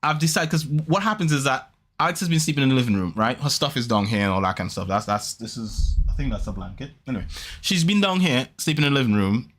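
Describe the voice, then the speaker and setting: A man hosting a podcast, telling a story in casual chat, rambling and animated, with quick restarts and repeats. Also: mid-range voice. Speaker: podcast host.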